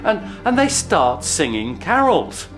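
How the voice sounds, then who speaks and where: A man, a historian telling the story in an animated way with frequent restarts. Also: high-pitched, slow, music in the background. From Britain. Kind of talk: documentary interview.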